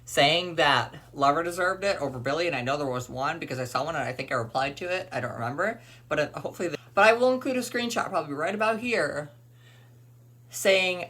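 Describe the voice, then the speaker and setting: A man's voice: fairly high pitch, a little fast, bright, forceful tone. A young man ranting to the camera in a vlog, emphatic and opinionated, repeating his points. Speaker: vlogger.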